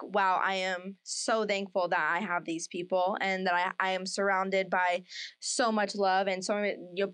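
A woman's voice: medium pitch, a bit bright, clear, resonant tone, dry recording. A woman co-hosting a casual podcast, rambling with many fillers and laughing often as she gets emotional. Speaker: podcast co-host. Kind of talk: casual chat.

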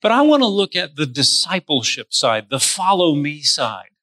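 A man's voice: a little high, very animated, normal speed, bright, forceful tone, no room sound. A man preaching a sermon as pastor. He speaks straight to his listeners and stretches his stressed words. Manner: addresses listeners directly.

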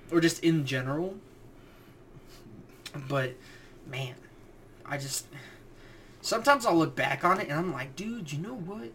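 A young man co-hosting a podcast in casual chat, telling boot camp stories in a lively, profane way and acting out the voices of the people in them. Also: mid-range voice, a little hiss or hum. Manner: animated, profane, acts out quoted voices. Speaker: podcast co-host.

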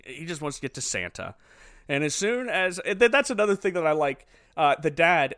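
This is a man with a high, bright, forceful voice, recapping a movie in casual chat. He tells the story animatedly and laughs often. The sound is close and dry, with no room echo. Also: animated, a little fast. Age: adult father.

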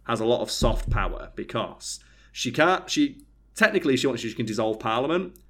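A man's voice: medium pitch, moderate pace. A young man, casually telling a work story and acting out the dialogue. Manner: animated storytelling, acts out quoted dialogue, swears freely. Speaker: podcast co-host telling a story. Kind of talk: casual chat.

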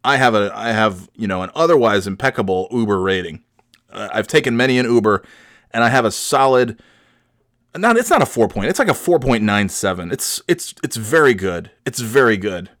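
A man's voice: lowish voice, sing-song, moderate pace, fairly bright tone, no echo. A young man hosting a podcast, telling rambling, profane stories with self-deprecating humor on a studio mic. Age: young adult. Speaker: podcast host. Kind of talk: casual storytelling.

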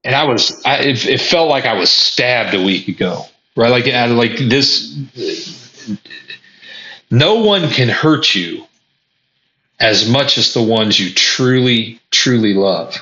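A man's voice: mid-range voice, lively intonation, takes it slowly, bright, forceful tone. Earnest man musing in an echoey room. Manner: earnest, repeats words often, stumbles on restarts. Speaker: vlogger. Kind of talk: reflective personal monologue. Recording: echoey room, dull lo-fi sound.

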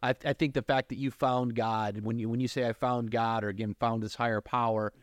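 A man hosts a podcast in a casual, conversational way, steering with probing questions. His pitch is average, and the recording is close and dry. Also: level tone, fairly quick, dry recording. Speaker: podcast host.

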